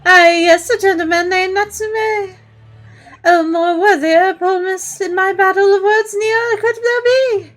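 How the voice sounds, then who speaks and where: A woman's voice: extremely high pitch, steady tone, measured pace, fairly bright tone, soft background music. A woman voicing a theatrical man who talks in flowery, old-fashioned verse. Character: theatrical Shakespeare-quoting man, flowery and pompous.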